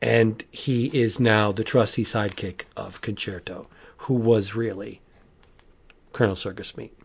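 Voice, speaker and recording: Rambling, animated man reviewing comics. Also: on the low side, a little slow, vocal fry, husky. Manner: animated, rambling, with asides and self-corrections. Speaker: podcast host. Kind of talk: casual comic book review.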